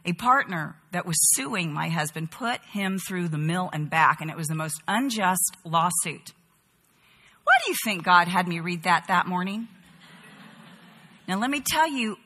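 Bright-voiced woman teaching in a hall. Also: lowish voice, breathy edge. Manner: expressive and animated, rhetorical questions. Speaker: Bible teacher. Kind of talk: sermon. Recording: hall reverb.

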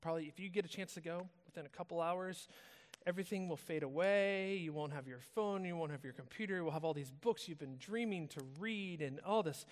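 An American man preaching a sermon in a relaxed, conversational storytelling manner, telling stories casually. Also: high voice. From United States. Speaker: pastor. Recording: long reverb of a large hall.

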